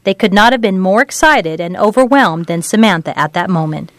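A woman narrating a novel in an even, measured storytelling read. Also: mid-range voice, no room sound. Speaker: audiobook narrator. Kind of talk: scripted narration.

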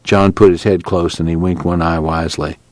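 A man reading a novel aloud as an audiobook narrator, slow and measured. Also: low voice, steady tone, a little mellow, no room sound. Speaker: audiobook reader. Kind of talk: scripted narration with character voices.

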